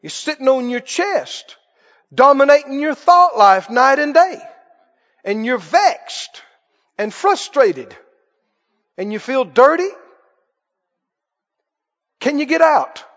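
A man's voice: very high voice, big pitch swings, slow, pauses often, a bit bright. A man preaching a sermon with emphatic call-and-response questions to his congregation. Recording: dull, echoey hall sound.

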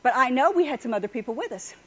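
A woman's voice: high voice, lively intonation, rapid-fire, husky. A woman preaching a sermon, telling chatty personal stories and urging listeners on. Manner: chatty, exhorting, laughs often. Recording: dull lo-fi recording.

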